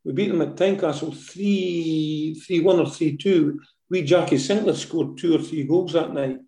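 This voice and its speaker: A man's voice: a little high, normal speed, gravelly, warm tone, echoey room. An older man with a Scottish accent, a former footballer telling stories in a casual interview, full of fillers and tag questions.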